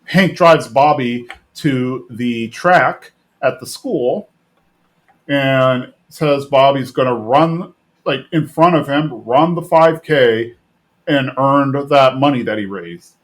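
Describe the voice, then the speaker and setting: A podcast host recaps a cartoon episode casually and in a rambling way, full of fillers and restarts. He speaks slowly in a mid-range voice.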